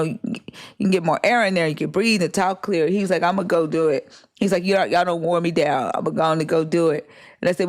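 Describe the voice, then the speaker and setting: A livestream host telling a story in casual chat, profane and animated, acting out the dialogue they quote. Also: mid-range voice.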